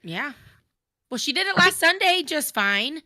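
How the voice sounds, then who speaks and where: Woman, stream intern, bright voice, exasperated and frank, dry sound. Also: high-pitched, big pitch swings, a little slow, no echo. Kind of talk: casual stream chat.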